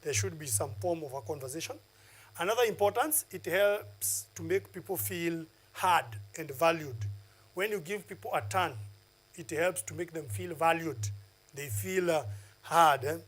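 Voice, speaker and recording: A man's voice: on the high side, normal speed, a bit bright, husky, poor audio. A man teaching a lesson on a TV channel, lecturing and counting off numbered points with filler uhs. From Kenya.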